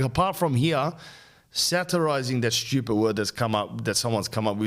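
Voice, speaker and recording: A man's voice: mid-range voice, very animated, moderate pace. An Australian podcast host, a young adult man, in a crude, rambling, mock-outraged comedic rant.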